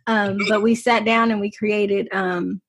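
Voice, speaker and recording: A woman with a husky, breathy voice and a gravelly edge to it. She is a podcast guest who has written on parenting, and she talks in a candid, reflective way. Her speech is relaxed and conversational, with easy laughter. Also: medium pitch, a little slow. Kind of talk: conversational interview.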